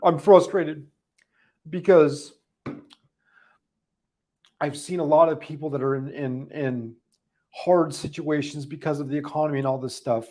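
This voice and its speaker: A man hosting a livestream recap, talking unscripted, halting and emotional with many restarts, audibly holding back tears. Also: fairly high pitch, darkish tone. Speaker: livestream host giving a daily recap.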